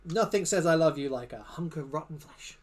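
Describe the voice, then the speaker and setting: A man chatting casually and rambling as he paints, with self-mocking quiet asides. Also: on the high side, animated, fairly quick. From Cheshire, England. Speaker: co-host, miniature painter. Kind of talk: casual chat while painting on stream.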